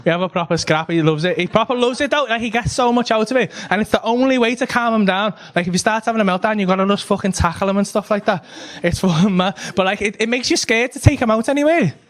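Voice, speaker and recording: High-voiced sweary comic. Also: male voice, quick pace, hardly any pauses. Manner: sweary, rambling storytelling with many fillers. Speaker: stand-up comedian. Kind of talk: stand-up comedy set. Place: comedy club stage. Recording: noisy live club recording. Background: audience laughter.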